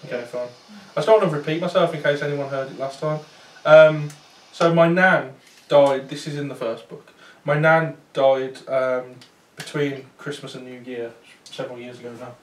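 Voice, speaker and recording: A man's voice: mid-range voice, fairly even intonation, normal speed, few pauses. Man telling ghost stories in an echoey room. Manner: chatty, anecdotal, many fillers and restarts. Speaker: paranormal investigator giving a talk. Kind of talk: storytelling talk to an audience. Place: talk venue with small audience. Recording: roomy sound from far off.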